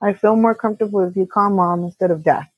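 A woman co-owner of a repair shop telling a personal story as a podcast guest, candid and halting, often quoting others. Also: mid-range voice, slightly rough, no echo, dull audio. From California. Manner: candid, halting with restarts, quotes others in dialogue. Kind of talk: conversational storytelling.

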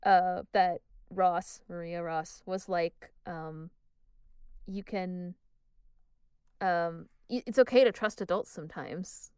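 A woman's voice: fairly low pitch, darkish tone, clear, resonant tone, no room sound, clean studio sound. A woman co-hosting a podcast, chatting casually and laughing often. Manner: giggly, quick to laugh. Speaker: podcast co-host. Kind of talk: casual chat.

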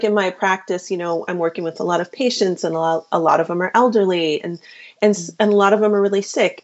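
A woman's voice: on the low side, a little mellow. A woman physician answering interview questions in an earnest, casual way, with many fillers and restarts. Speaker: physician and podcast host, guest. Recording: dull lo-fi sound.

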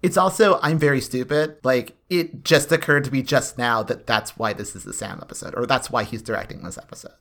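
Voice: mid-range voice, fairly quick, hardly any pauses, a bit bright. A podcast co-host chatting casually about a TV episode, asking questions and adding asides. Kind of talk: casual recap chat.

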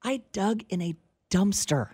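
Woman radio co-host, teasing banter, lively pitch, dry close mic. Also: unhurried, breathy edge, no room sound. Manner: chatty, laughs often, teasing. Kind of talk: casual on-air banter. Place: cold radio studio.

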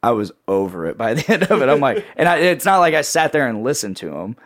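A man hosting a casual podcast, rambling through plugs with a playful sales-pitch delivery. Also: sing-song, fast, a bit bright, dry recording, studio quality. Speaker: podcast host and network editor. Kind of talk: casual podcast chat with co-hosts.

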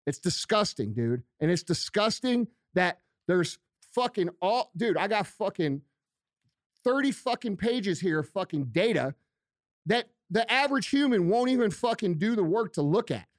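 A man rants in a high voice, swearing constantly and hammering the same point over and over. The sound is dry and close, with no room around it. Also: big pitch swings, normal speed, dry recording. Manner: profane, heated, repeating himself for emphasis. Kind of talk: angry ranting monologue.

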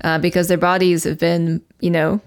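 A woman's voice: fairly low pitch, flat delivery, moderate pace, clear, resonant tone. A woman co-hosting a podcast, earnestly explaining news stories in casual chat. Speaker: podcast co-host.

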